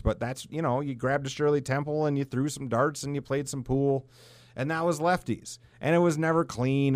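A man's voice: medium pitch, no room sound. Swearing Midwestern man ranting. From South Dakota, USA. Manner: heated, blunt, swears freely. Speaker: podcast host. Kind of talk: profane ranting monologue.

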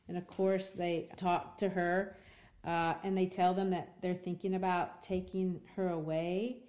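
A woman's voice: fairly low pitch, flat delivery, measured pace, a little mellow. A woman teacher walks her class through a story. She talks in a loose, chatty way, full of fillers and asides. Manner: casual, chatty retelling with many fillers. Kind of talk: classroom literature lesson.

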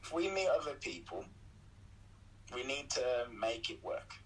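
A young man in a relaxed, rambling chat, talking earnestly and affectionately to the woman beside him. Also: mid-range voice, measured pace, poor audio. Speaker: co-host of a video chat. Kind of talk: casual chat.

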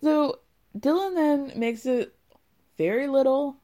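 Animated, foul-mouthed young woman recapping. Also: high-pitched, slow. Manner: animated, swears freely, laughs often. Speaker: reality show recapper. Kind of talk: casual recap commentary.

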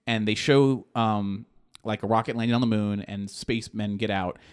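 Casting: man, casual podcast talker, animated storyteller, swears freely, loose and rambling. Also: on the low side, normal speed, clean tone. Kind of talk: casual chat.

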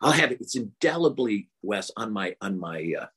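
A man's voice: on the low side, sing-song, moderate pace, fairly bright tone, slightly rough. An older man from Texas, a guest author telling stories in an earnest, rambling way. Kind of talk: casual interview talk.

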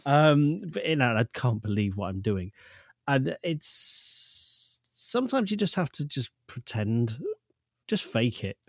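A man's voice: medium pitch, very animated, takes it slowly, dry recording, studio quality. A man with a northern English accent, co-hosting a casual podcast chat in a playful, teasing way. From northern England. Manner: playful, teasing, supportive listener. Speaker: podcast co-host.

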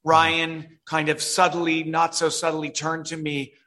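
A man, a film director, telling animated stories as an interview guest and acting out the voices of others. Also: fairly high pitch, slow. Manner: animated storyteller, reenacts voices.

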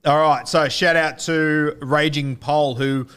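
A man's voice: a little high, fairly even intonation, a little slow, a bit bright, clean tone. A young Australian man co-hosting a podcast, chatting loosely, joking and swearing freely. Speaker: podcast co-host. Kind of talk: casual podcast banter.

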